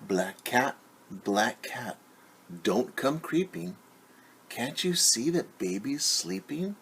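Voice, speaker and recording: A man voicing a gentle mother who sings a soft, lilting lullaby to her baby in a storybook read-aloud. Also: medium pitch, very animated, slow, vocal fry, slight background noise, voice pushed up, full character voice. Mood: soothing, lilting.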